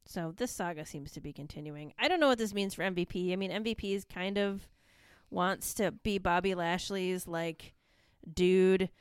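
A woman's voice: fairly low pitch, normal speed, clean tone, no echo, clean studio sound. A woman co-hosting a podcast in a casual, rambling chat, laughing often. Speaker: podcast co-host.

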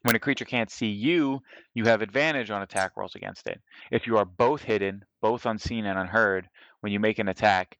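Male player, low pitch, dry room, deliberate rule-reader. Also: fairly bright tone, no room sound, muffled recording. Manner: deliberate, counts moves aloud and reads rules out. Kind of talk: tabletop game play.

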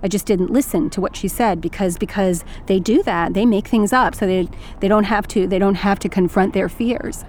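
A woman's voice: mid-range voice, normal speed, hardly any pauses, darkish tone, slight background noise. A woman narrating a first-person story in a wry, intimate way with flashes of anger.

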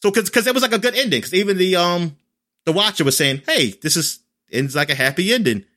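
A man in casual chat, recapping an episode in a rambling way with lots of fillers and lively quoted lines. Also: high-pitched, quick pace.

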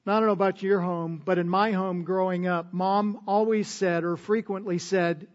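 Slow, high-voiced male preacher in a hall. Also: highs cut off. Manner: measured preaching, swinging between loud emphatic peaks and soft low endings. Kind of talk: sermon.

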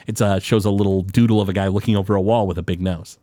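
A man co-hosting a podcast, recapping a TV episode in an animated, storytelling way with frequent fillers and restarts. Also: lowish voice, fast, no room sound. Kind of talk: casual chat recapping a TV episode.

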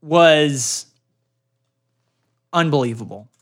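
Male podcast co-host, slightly high voice, playful and chatty. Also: extremely slow. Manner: joking, laughs often, does silly accents. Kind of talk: casual chat.

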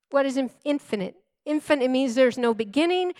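A woman's voice: high voice, animated, brisk, hardly any pauses, darkish tone, dry recording. A middle-aged woman preaching a sermon in an earnest, emphatic way, repeating key phrases for stress.

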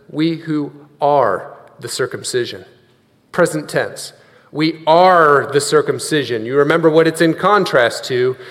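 A man's voice: high voice, long reverb tail. A man preaching a sermon, earnest, leading the congregation in repeating lines after him.

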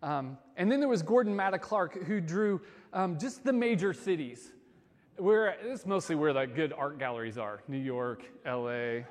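A man giving a sermon as a pastor, conversational and casual, swinging between loud emphasis and soft, quiet stretches. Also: on the high side, big-room sound.

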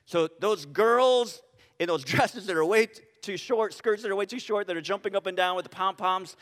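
Preacher guy, highish voice, lots of questions and restarts, big echoey church. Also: brisk. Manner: animated, rhetorical questions, frequent restarts. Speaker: pastor. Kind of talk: sermon. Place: church sanctuary. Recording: reverberant church hall.

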